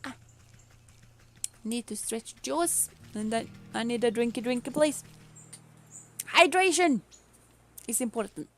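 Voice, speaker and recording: A woman's voice: on the high side, moderate pace, long pauses, darkish tone. A woman streamer giving casual let's-play commentary, thinking aloud in a playful way and chatting with her viewers. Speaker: VTuber streamer.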